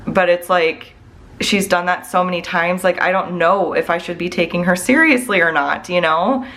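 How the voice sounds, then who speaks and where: A woman's voice: lowish voice, normal speed, a bit bright, slight background noise. Rambling, worried woman vlogger. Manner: rambling, heavy use of "like" and "I don't know"; candid and worried. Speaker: budget vlogger and mom. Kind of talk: casual chat to viewers.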